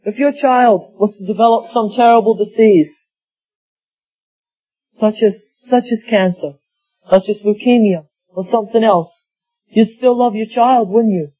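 Preacher guy, real high voice, folksy stories, muffled lo-fi recording. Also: a little slow, long pauses, slightly rough. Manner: folksy storytelling with acted quotes. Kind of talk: sermon. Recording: dull lo-fi sound.

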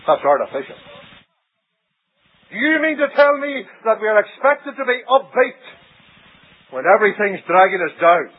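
Husky preacher on tinny old radio. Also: male voice. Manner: dramatic preaching with sweeping pitch swings and sudden drops. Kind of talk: sermon.

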